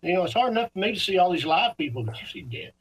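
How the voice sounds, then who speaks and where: A man's voice: high voice, very animated, rapid-fire, fairly bright tone, husky, rough recording. A man playing a passenger who is an alcoholic in denial, rambling on. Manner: rambling, insists he has no problem.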